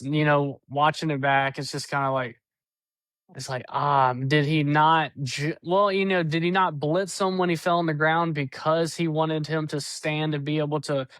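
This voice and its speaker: Laid back guy cohosting a podcast, kinda high voice, says um a lot, dry mic. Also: fairly bright tone, smooth, dry recording. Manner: easygoing, thoughtful, many fillers. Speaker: podcast co-host. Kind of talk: casual chat.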